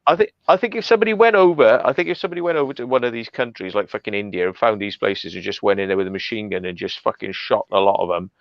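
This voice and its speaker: A man's voice: fairly low pitch, racing, few pauses, no room sound, lo-fi sound. A man hosting a casual chat over an online call, blunt and ranting with lots of swearing. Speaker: host.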